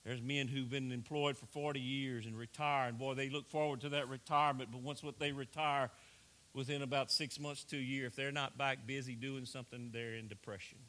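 Pastor, male, middle-aged; earnest sermon delivery, hushed then rising; bright tone. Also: medium pitch, fairly even intonation, brisk. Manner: earnest preaching, swings between hushed and raised.

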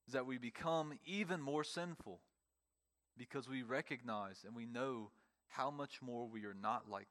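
A man preaching a sermon, emphatic, with pauses and repeated phrases, speaking to a congregation in a church. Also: medium pitch, a bit bright. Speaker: pastor.

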